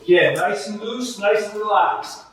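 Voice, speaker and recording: A man coaching goalies through a juggling drill, calling out repeated cues with steady energy. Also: sits high, a little slow, noisy background. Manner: energetic, repetitive cueing. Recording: very echoey, distant mic.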